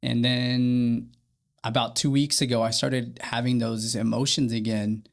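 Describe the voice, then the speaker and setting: A young man co-hosting a faith podcast, talking earnestly and haltingly with many fillers. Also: mid-range voice, flat delivery, gravelly. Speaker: podcast co-host. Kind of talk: candid faith podcast chat.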